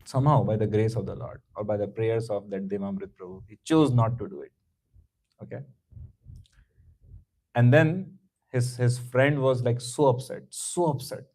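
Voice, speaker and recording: A man's voice: on the low side, moderate pace, a little mellow, poor audio. A man teaching a scripture class, telling a story conversationally with many asides and chuckles. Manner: conversational, lots of "you know", chuckling.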